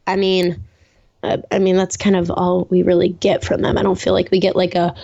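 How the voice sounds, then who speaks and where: On a podcast, a woman co-host chats casually about a reality show, peppering her talk with "like" and "you know." Her voice sits on the low side, monotone and creaky with a dark tone, and she speaks a little fast. The highs in the audio are cut off.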